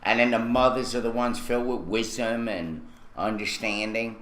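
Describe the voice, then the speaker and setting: A male radio co-host with a bright, sharp-edged voice, tossing out sarcastic, opinionated jabs in loose chat. His voice rings in a roomy, echoey studio. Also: mid-range voice, steady tone, normal speed. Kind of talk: casual talk radio chat.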